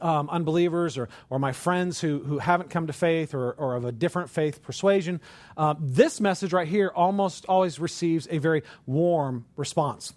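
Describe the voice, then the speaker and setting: Animated preacher man, higher voice. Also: no echo. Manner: animated, rhetorical questions, repeats words. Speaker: pastor. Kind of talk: sermon.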